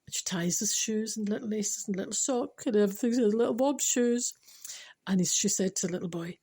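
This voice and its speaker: A woman's voice: medium pitch, quick pace, darkish tone, husky. A woman with a Scottish accent telling a moving story and giving a spiritual talk, chatty and emotional, laughing often.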